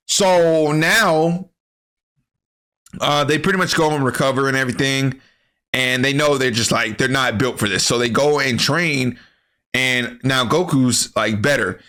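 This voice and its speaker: A man giving a comedic, profane anime recap, animated and full of slang. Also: mid-range voice, measured pace. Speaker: anime commentary creator.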